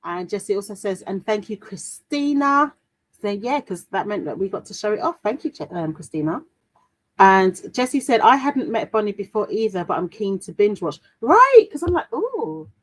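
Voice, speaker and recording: A British adult woman, mother to a daughter, runs a crafting livestream, her medium-pitched voice lively and a little fast on a low-quality recording. She chats casually and reads out viewer comments, with lots of fillers and restarts.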